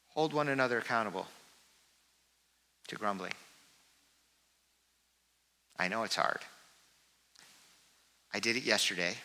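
A man preaching a sermon as pastor, earnest and moving between lifted calls and soft confiding asides. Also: lowish voice. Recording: hall reverb.

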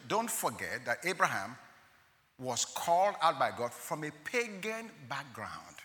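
A man preaching a sermon to an audience, swinging between loud, emphatic rises and quiet asides. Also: mid-range voice, big pitch swings, a little slow. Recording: long hall reverb.

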